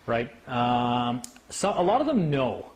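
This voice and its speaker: A man giving an informal talk to a small group, animated, acting out the people he quotes and often asking "right?". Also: medium pitch, takes it slowly. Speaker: speaker at a meeting.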